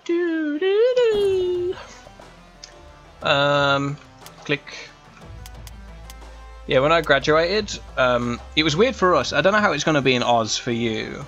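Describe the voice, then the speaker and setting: A man's voice: a little high, animated, unhurried, long pauses, pushed and bright, dull audio, faint music behind. A young man from England with a West Midlands accent, chatting casually while playing a game, rambling with lots of fillers and restarts. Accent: West Midlands English. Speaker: gaming streamer. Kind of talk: casual gameplay chat.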